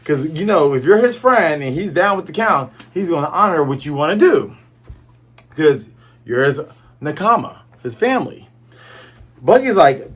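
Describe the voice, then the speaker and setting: A young man hosting a manga review, casually recapping a chapter and acting out the characters' lines in quick, playful voices. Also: a little high, expressive, fairly bright tone, breathy edge.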